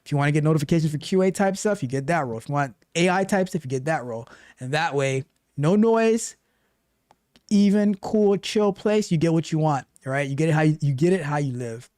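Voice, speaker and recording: A man's voice: fairly high pitch, animated, a little fast, darkish tone, no echo, clean studio sound. A man coaching on tech, streaming live and reading his chat aloud with a playful, teasing manner.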